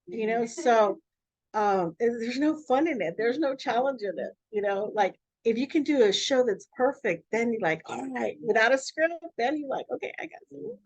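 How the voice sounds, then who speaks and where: A woman who is a radio host, talking in a free-flowing, emphatic, animated way in a casual interview. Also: fairly high pitch, normal speed, no room sound, poor audio. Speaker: radio host and network owner.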